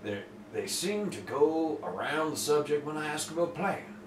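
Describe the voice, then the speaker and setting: A man's voice: fairly high pitch, big pitch swings, moderate pace, far from the mic, background noise, pitched above the performer's own voice. A man putting on a drawling, folksy voice as a polite adult male viewer. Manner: exaggerated twangy drawl, reading a letter. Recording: roomy with faint ambience.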